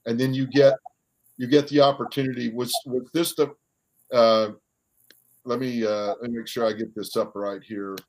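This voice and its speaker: A man's voice: medium pitch, rough recording. A man hosting a podcast interview, reflecting on what his guest said and asking questions. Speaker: podcast host. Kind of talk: conversational interview.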